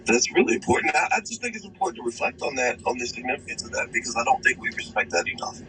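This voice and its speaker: A man's voice: medium pitch, very animated, racing, bright, forceful tone, low-quality recording. A man chatting casually, playful and laughing, then turning earnest. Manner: playful, laughing, swinging between earnest and silly. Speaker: guest speaking in a played clip. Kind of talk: casual conversation.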